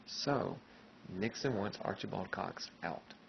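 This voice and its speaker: A male history teacher lectures in a casual, conversational way and keeps checking in with his class. His voice sits low, with a gravelly fry. The recording is dull and lo-fi, with a faint hum behind it. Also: expressive, slow.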